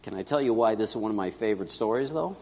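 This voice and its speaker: A man preaching a sermon as pastor, telling a story and acting out its dialogue, swinging between loud and hushed. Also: fairly low pitch, animated, quick pace, slightly rough. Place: church sanctuary. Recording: echoey church hall.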